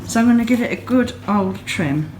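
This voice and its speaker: A woman's voice: fairly high pitch, expressive, normal speed, darkish tone, faint music behind. A woman in her thirties chatting casually at home in a vlog, gushing over small pretty things and sounding sleepy. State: sleepy, yawning. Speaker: yarn dyer and vlogger. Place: home, craft room.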